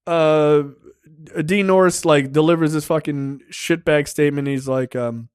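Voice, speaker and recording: The host of a film review podcast recaps scenes with lots of profanity, chatting casually and animatedly. His voice sits a little high and sounds clear and resonant at normal speed, captured at studio quality with no echo.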